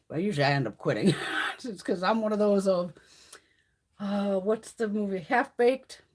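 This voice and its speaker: A woman's voice: medium pitch, breathy edge. A woman hosting a casual live-stream chat, brash and profane, telling stories with frequent laughs. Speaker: livestream host.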